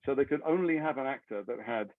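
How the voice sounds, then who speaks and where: An English actor being interviewed, telling long rambling anecdotes with self-deprecating humor. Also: male voice, medium pitch, quick pace, dry recording. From England. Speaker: actor guest. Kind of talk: interview storytelling. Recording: tinny phone-like line, dry.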